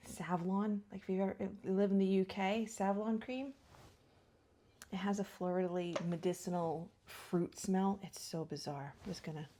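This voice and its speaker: At home, a middle-aged beauty vlogger chats her way through a get-ready-with-me video in a lowish, warm voice. She rambles and laughs, occasionally lowering to a whisper.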